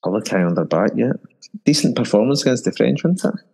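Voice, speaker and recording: A man with a Scottish accent co-hosting a football podcast, bantering in a brisk, matter-of-fact way. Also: medium pitch, expressive, creaky, warm tone, breathy edge. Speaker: podcast co-host. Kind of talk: casual football chat.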